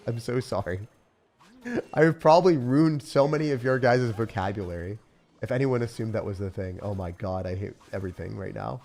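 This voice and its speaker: A young man giving live commentary as he plays and rates card decks, excitable, with loud outbursts and laughter. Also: fairly low pitch, brisk. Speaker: streamer playing and rating decks. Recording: faint music behind.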